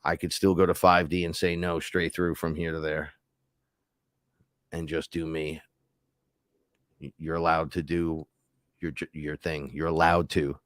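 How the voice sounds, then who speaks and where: A man's voice: very deep voice, little pitch movement, a little slow, pauses often, fairly bright tone, dry recording, studio quality. A man hosting a live stream, telling a rambling, profane story in casual chat. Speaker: host.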